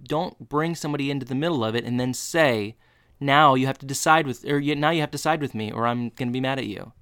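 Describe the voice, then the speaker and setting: A man's voice: mid-range voice, fast talker, a bit bright, clean tone, no room sound, studio quality. A man co-hosting a podcast, chatting casually and playfully acting out quotes from a TV episode. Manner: playful, acts out quotes with bursts of silly voices. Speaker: podcast co-host. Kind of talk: casual chat recapping a TV episode.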